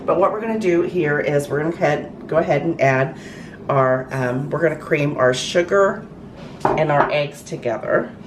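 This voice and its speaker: A woman's voice: deep voice, moderate pace. A middle-aged woman hosting a casual home cooking demonstration in her kitchen, chatty, with frequent ums and restarts. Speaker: cooking show host. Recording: roomy echo, mic far off, noisy.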